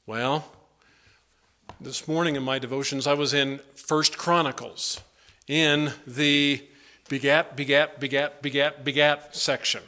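A man's voice: medium pitch, flat delivery, measured pace, pushed and bright. A pastor preaching a sermon to his congregation in a church, in an earnest, pleading manner with emphatic swings. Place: church sanctuary.

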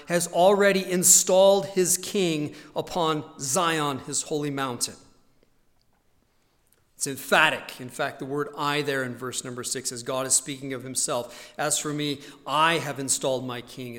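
Male pastor, sermon delivery, mid-range voice, earnest swells and hushed drops, echoing sanctuary. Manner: earnest preaching, swells loud on key points and drops low and soft. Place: church sanctuary. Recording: long hall reverb.

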